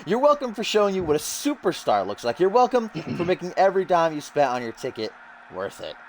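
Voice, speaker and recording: A swaggering, self-adoring wrestler, voiced by a man in a video game stream. He stretches his boasts out slowly and lifts them higher than a normal speaking voice. The delivery is grand and full of himself. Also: very animated, a little hiss or hum. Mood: boastful. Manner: cocky, grandiose, drawn-out delivery. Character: arrogant boastful male wrestler giving a promo.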